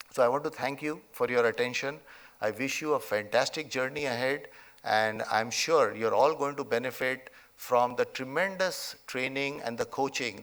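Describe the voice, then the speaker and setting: A middle-aged Indian man delivers a convocation address in a mid-pitched, gravelly voice. He speaks emphatically, often checking in with "okay?" and "you know." He has an Indian accent. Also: a bit bright. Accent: Indian English. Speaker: convocation chief guest speaker. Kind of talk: motivational speech with a told story. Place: large convocation hall.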